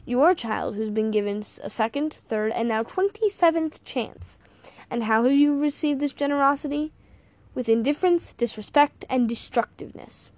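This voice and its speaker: A stern, cold social worker, put on by a woman reading an audiobook, lectures in clipped, scornful sentences. The voice sits a little high and the recording is dry and close, with no room sound. Every word lands as a judgment. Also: moderate pace, darkish tone, dry recording.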